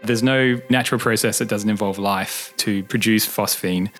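A man's voice: on the low side, steady tone, moderate pace, fairly bright tone, soft background music. A man, an astronomer, patiently explaining science in plain words, with a light touch of humour. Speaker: astronomer answering kids' questions. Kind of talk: relaxed explanatory interview talk.

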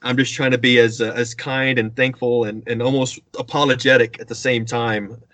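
Male storyteller, animated, close dry sound, acts out quotes. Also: mid-range voice, moderate pace, dry recording. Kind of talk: casual anecdote telling.

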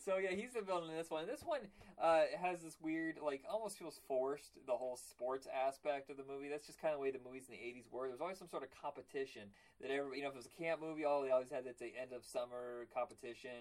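A man co-hosting a casual movie podcast over a remote call, rambling and animated, swearing now and then. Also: mid-range voice, fast talker, hardly any pauses. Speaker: podcast co-host.

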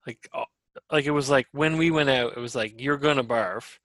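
A man co-hosting a casual podcast, with a bright, forceful tone. He tells stories animatedly, laughing often and swearing freely. The sound is dry and close, with no room echo. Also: mid-range voice, fairly even intonation, a little fast. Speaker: podcast co-host. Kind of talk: casual chat.

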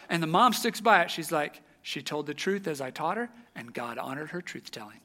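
A man preaching a sermon, telling a story with animated energy and dropping to a hush at the tense moments. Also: on the high side, a little fast, few pauses.

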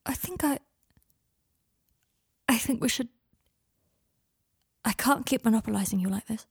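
A troubled, self-critical young man, read by a woman, talking in a halting, husky half-whisper. The sound is dry and close, with a breathy edge. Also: fairly high pitch, dry recording, full character voice. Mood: hushed. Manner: hushed, halting, often near a whisper.

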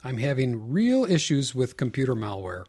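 A man co-hosting a podcast, joking around in casual chat with quick interjections. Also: mid-range voice, big pitch swings, a little mellow, breathy edge. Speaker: podcast co-host.

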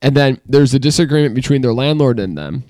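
A man's voice: medium pitch, expressive, quick pace, dark tone, no echo. A man co-hosting a casual podcast chat, telling stories in an emphatic, rambling way. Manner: chatty, storytelling, emphatic. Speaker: podcast co-host.

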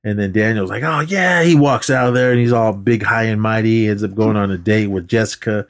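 A man's voice: on the low side, steady tone, a little fast. A man casually recapping a movie on a podcast, rambling and acting out the characters' lines. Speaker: podcast co-host.

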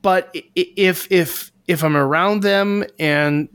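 A man's voice: high voice, slow, fairly bright tone, clean tone, no echo. A man co-hosting a casual podcast discussion, speaking earnestly and hunting for the right words with many restarts. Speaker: podcast co-host.

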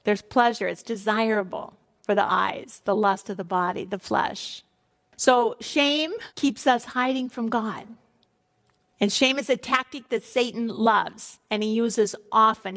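A woman giving sermon-style Bible teaching with passion, sometimes crying out lines as God and dropping her voice low when she warns about sin. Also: creaky, a bit bright, long reverb tail. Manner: impassioned, acts out God crying out.

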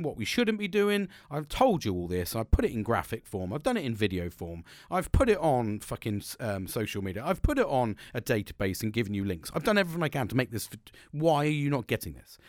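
A man speaks in a loose, rambling monologue, cursing freely and circling back on himself. His voice sits at an ordinary pitch. The recording is dry and close. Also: no room sound. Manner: frank, sweary, rambling with restarts. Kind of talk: casual monologue.

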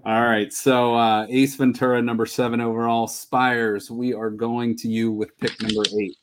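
Man, podcast host, casual movie-draft chat, enthusiastic, mid-pitched voice. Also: little pitch movement, normal speed, clear, resonant tone. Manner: enthusiastic, laughs while talking.

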